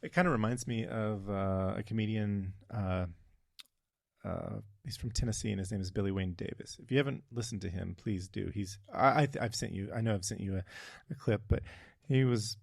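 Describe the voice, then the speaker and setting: Gravelly, husky podcast co-host. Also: male voice, on the low side, normal speed, no echo, clean studio sound. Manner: thoughtful, searching for words. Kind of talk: casual chat.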